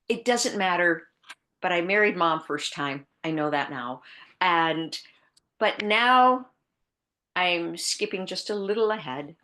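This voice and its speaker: A woman's voice: fairly low pitch, expressive, measured pace. Earnest woman telling her life story. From American Midwest. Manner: earnest, reflective, shifting between hushed and bursting emphasis. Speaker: author guest. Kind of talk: personal storytelling in a podcast interview.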